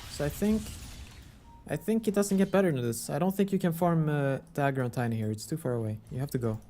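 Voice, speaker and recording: A man's voice: a little high, fast, mellow, faint music behind. A man giving casual color commentary on an esports match, thinking aloud. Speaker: esports analyst co-caster.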